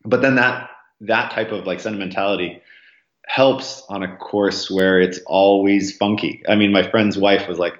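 Low-voiced man, rambling in a roomy room. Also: steady tone, moderate pace. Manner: rambling, frequent ums and likes, restarts; acts out quoted voices with jumps in pitch. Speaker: podcast guest, marathon runner. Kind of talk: casual interview conversation. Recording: roomy, slightly dull sound.

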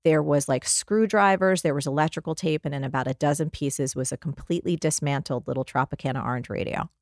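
A woman in her forties from New Jersey, a guest author and life coach, telling animated stories in an interview and acting out the voices in them. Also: low-pitched, quick pace, no room sound, studio quality. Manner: lively, acts out voices in her anecdotes.

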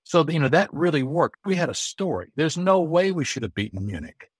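A middle-aged American man, a guest on an interview, telling lively anecdotes and acting out the dialogue he quotes. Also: fairly high pitch, brisk, slightly rough, no room sound. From United States. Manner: lively storyteller who acts out quoted dialogue. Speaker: guest, Olympic bid consultant.

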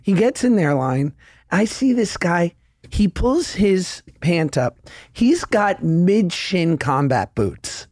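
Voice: mid-range voice, big pitch swings, slow, a little mellow, no echo. Chatty laughing podcast host, dry mic. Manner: chatty storyteller, laughing easily. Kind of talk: casual podcast chat.

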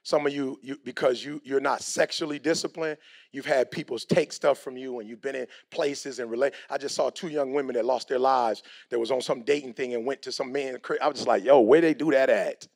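A man's voice: medium pitch, fairly even intonation, fairly quick, creaky. A middle-aged man giving a motivational speech in a preachy, slangy way, acting out the people he quotes. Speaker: motivational speaker.

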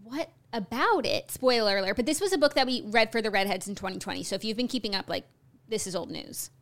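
Upbeat higher-voiced woman podcast co-host. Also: quick pace, a bit bright. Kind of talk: casual chat.

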